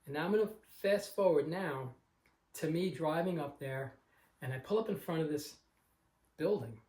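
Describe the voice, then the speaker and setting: A man's voice: on the high side, normal speed, darkish tone. A man from Long Island casually telling a rambling story about finding a car and acting out the people in it. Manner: rambling, anecdotal, acts out the other people in his story. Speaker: car collector vlogger. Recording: echoey room.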